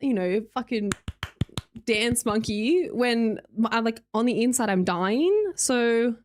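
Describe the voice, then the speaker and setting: Brief: young Australian woman, lively up-and-down voice, a bit high, chatty streamer who laughs a lot. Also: slow, a little hiss or hum. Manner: chatty, laughs often, reads chat aloud. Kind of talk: casual chat with live chat readers.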